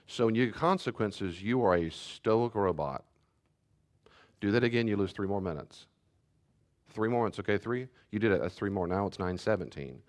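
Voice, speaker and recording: A man pastor giving a teaching talk and answering questions, telling family stories in an animated way. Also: on the low side, normal speed. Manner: animated storyteller, acts out family scenes.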